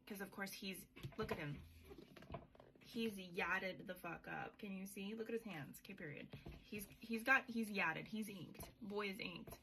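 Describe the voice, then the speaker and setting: A woman's voice: medium pitch, bright, forceful tone, a little hiss or hum. A young woman hosting a podcast, recapping a book in a chatty, sweary way with sarcastic asides. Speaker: podcast host.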